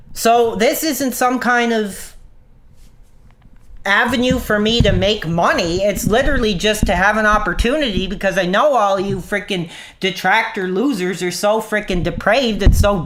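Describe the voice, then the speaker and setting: A man's voice: high-pitched, noisy background. A man streaming an angry rant into his own mic, swearing, mocking and then apologizing for his language. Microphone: own desk mic.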